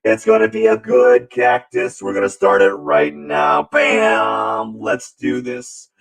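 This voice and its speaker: A man hosting his art livestream, chatting in a goofy, rambling way with bursts of playful shouting. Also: medium pitch, very animated, slow pace. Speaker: livestream artist host. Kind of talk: casual drawing livestream chat.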